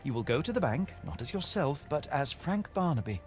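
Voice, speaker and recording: A brilliant video game detective, assured and brisk. He gives his orders with great confidence, and his pitch leaps high and low. His voice sits a little on the high side. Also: sing-song, faint music behind. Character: Sherlock Holmes, brilliant confident male detective.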